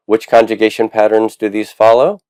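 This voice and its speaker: A man's voice: on the low side, flat delivery, fairly quick, a little mellow, clear, resonant tone, no echo. A man teaching a recorded Latin grammar lesson, explaining patiently step by step with frequent "uh"s and drilling forms aloud. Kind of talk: recorded lecture.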